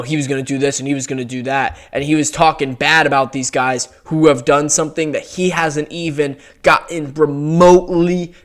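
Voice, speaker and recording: A young man with a slightly high voice delivers casual commentary as a heated rant. He swears freely and sounds fed up. His talk is exasperated and blunt throughout. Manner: heated, profane, exasperated ranting. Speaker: MMA commentary YouTuber.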